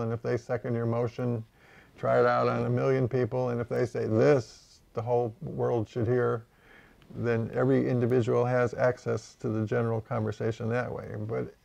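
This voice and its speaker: Gravelly-voiced man hosting, halting speech. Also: mid-range voice, monotone, a little mellow, dull audio. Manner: halting, gropes for words with small laughs. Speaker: interview host. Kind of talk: casual conversation.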